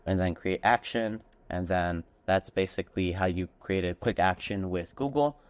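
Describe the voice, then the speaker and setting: A man hosting a casual tutorial, walking through software step by step and stringing steps together with "and then". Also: low-pitched, moderate pace, dry recording. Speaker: tutorial host. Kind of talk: screen-recorded software walkthrough.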